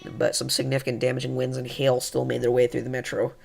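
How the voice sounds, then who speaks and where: A man hosting live severe weather coverage, calmly reassuring viewers and thinking aloud with fillers as he reads radar. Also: medium pitch, quick pace, gravelly. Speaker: weather livestream host.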